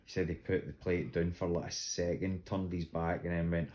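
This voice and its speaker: A man's voice: sits low, flat delivery, normal speed, darkish tone. A Scottish man casually telling funny stories about his dog, laughing often. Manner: laughing often, acts out voices in anecdotes. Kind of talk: casual storytelling.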